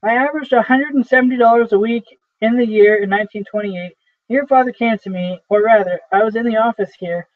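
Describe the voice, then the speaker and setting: A worn-out older salesman in his sixties begs and insists, as a man reads him in a fairly high voice. The sound is thin and phone-like, with no room echo at all. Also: a little fast, close to an everyday voice. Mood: pleading. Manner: pleading, insistent. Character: aging desperate male traveling salesman. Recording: dry, tinny phone-like sound.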